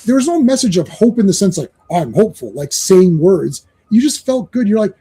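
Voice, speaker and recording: A man's voice: high voice, big pitch swings, brisk, hardly any pauses, warm tone, husky. A man co-hosting a comics podcast, ranting in casual chat, swearing and acting out quotes in voices. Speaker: podcast co-host.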